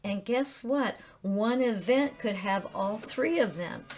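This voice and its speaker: A middle-aged woman, a chaplain, gently explaining grief recovery homework with personal examples. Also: on the high side, slow pace. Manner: gentle and earnest, reading out sample statements. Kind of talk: instructional talk with personal examples.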